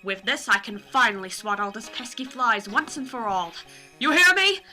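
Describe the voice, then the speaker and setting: A woman voicing a smug, excitable older male doctor who gloats loudly. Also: fairly high pitch, moderate pace, faint music behind. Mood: gloating. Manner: gloating, loud.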